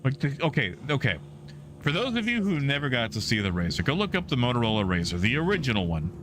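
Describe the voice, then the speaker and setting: A man's voice: mid-range voice, sing-song, fast talker, over music. A male game streamer chatting casually with his live viewers in a rambling, easygoing way with many fillers.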